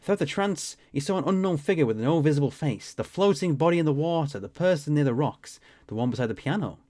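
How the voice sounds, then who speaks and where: A man reading as a weakened, formal gentleman. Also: fairly high pitch, lively intonation, fast, natural voice. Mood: grave. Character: weakened learned gentleman, recovering from illness.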